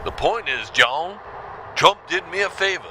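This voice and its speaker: A man's voice: sits high, expressive, a little slow, noisy background. A man doing a brash, rambling comic caller rant on a sketch show. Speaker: comedy show regular doing caller bits. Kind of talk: comic prank-call sketch.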